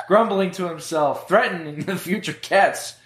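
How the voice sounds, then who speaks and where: A man reading a silly word-game story aloud on a podcast, loud and laughing, slipping into gruff character voices. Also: high-pitched, unhurried, echoey room.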